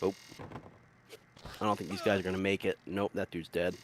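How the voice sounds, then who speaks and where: A man's voice: low-pitched, little pitch movement, brisk, a crowd in the background. A man chatting casually while playing a game, rambling through stories with swearing and laughter. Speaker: gameplay commentator. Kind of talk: casual gameplay chat.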